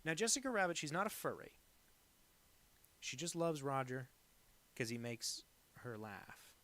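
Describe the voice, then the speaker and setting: A man with a medium-pitched, slightly bright voice speaks at a measured pace, his pitch swinging widely. He's a cartoonist drawing viewer requests on a live stream, chatting casually and wandering from one aside to another with lots of fillers. He often pokes fun at himself.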